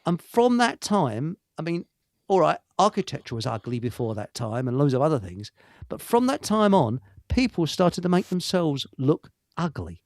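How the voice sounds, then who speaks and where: A man hosting a casual live chat, his pitch swinging up and down as he rambles through stories, full of ums and restarts. His voice sits a little high for a man. The sound is close and dry. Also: sing-song, moderate pace, no echo. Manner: rambling, hesitant storyteller with many fillers. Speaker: host.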